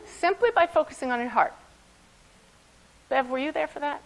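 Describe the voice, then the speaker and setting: A woman, a medium, telling lively personal stories to a conference audience, often laughing as she speaks. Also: sits high, normal speed, long pauses, low-quality recording. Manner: animated anecdotes with frequent laughter. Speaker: medium giving a talk. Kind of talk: storytelling talk to an audience.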